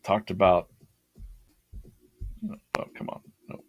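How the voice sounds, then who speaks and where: A man's voice: slow pace, soft background music. A man hosting a drawing livestream, chatting casually and laughing as he rambles through his past sketches.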